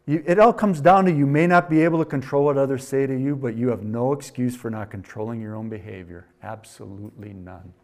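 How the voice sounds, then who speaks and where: A man with a Wisconsin accent preaching a sermon, reading verses loudly and dropping to quiet asides. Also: medium pitch, steady tone, a little fast, hardly any pauses. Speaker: pastor.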